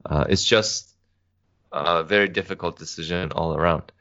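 Measured young man with a low voice. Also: fairly bright tone. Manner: measured, methodical, many "uh"s. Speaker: podcast guest, philosophy student. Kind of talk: casual podcast discussion. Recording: dull lo-fi podcast audio.

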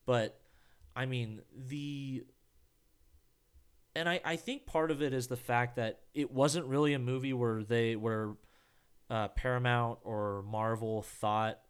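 A man's voice: medium pitch, steady tone, slow, clean tone. A man co-hosting a podcast in casual chat, rambling and restarting his sentences, swearing now and then. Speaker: podcast co-host.

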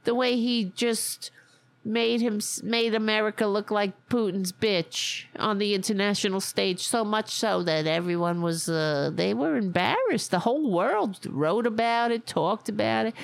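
A woman's voice: mid-range voice, measured pace, vocal fry. A woman podcast host with a Staten Island accent, giving sarcastic, mocking and profane political commentary. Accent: Staten Island New York.

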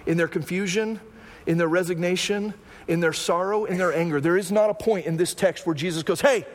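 A man's voice: high voice, brisk, big-room sound. A male pastor preaching a sermon, repeating phrases and tossing in "right?" asides.

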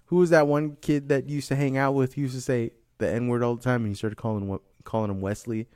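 A man in casual comedic banter, loud and combative, swearing freely and breaking into laughter. His voice sits at an ordinary middle pitch. The sound is dry and close. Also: steady tone, a little fast, clean tone, no echo. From Mexico (heritage). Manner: loud, profane, laughing, argumentative. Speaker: podcast co-host.

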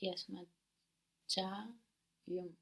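A woman's voice: mid-range voice, level tone, drawn-out words, gravelly, a bit bright. Careful woman sounding out new words. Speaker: language student. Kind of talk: learner repeating and answering in a lesson.

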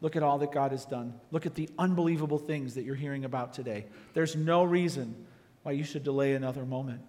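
A man preaching a sermon as pastor, animated and acting out quotes with sudden shouts. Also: mid-range voice, quick pace, big-room sound.

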